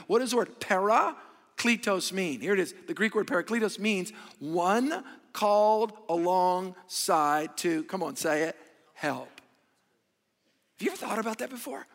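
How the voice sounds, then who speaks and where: A man preaching a sermon as pastor, animated and calling on the congregation to answer back. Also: sits high, normal speed, vocal fry. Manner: animated, call-and-response with congregation. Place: large church hall. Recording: echoey church hall.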